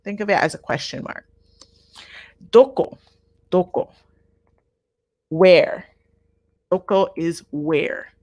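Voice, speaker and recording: A woman teaching a live online Japanese class, patient and repeating each word slowly for her learners. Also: lowish voice, darkish tone, no room sound, studio quality.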